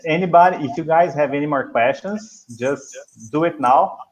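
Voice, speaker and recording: A man's voice: a little high, moderate pace, poor audio. A man from Brazil with a Brazilian Portuguese accent, hosting a casual live-stream chat and reading viewer comments aloud. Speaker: host and English teacher.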